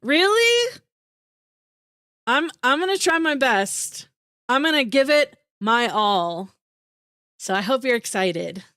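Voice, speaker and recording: A woman's voice: fairly high pitch, slow, pushed and bright, clean tone, dry recording, clean studio sound. A woman streamer chatting casually with her viewers, bubbly and giggly, full of "like" fillers, with an emotional voice that rises into teary squeals.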